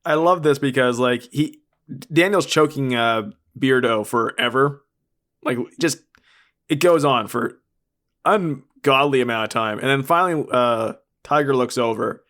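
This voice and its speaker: A man's voice: mid-range voice, unhurried, a bit bright. A man co-hosting a podcast who riffs on a bad film in casual chat, with a sarcastic, mocking tone and frequent laughter. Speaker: podcast co-host.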